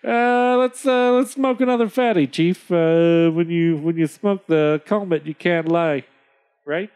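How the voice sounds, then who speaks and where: A man voicing a greedy, excitable male frontier fur trader, wheedling and then outraged, in a comic reading. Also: a little high, measured pace, smooth, lightly acted. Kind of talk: comic reading of an old tale.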